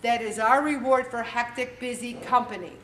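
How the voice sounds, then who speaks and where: High, bright woman in an echoey room. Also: moderate pace. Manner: animated, acts out quotes with lively voices. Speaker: weight-loss group leader. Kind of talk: motivational talk to a group. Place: meeting room with an audience. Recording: echoey room recorded from a distance, faint hiss.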